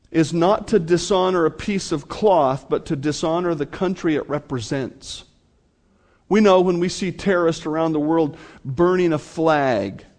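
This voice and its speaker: Pastor guy preaching, kinda high voice, earnest, talks right to the room. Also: a little mellow. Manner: earnest preaching, addresses congregation directly, acts out quotes. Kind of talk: sermon.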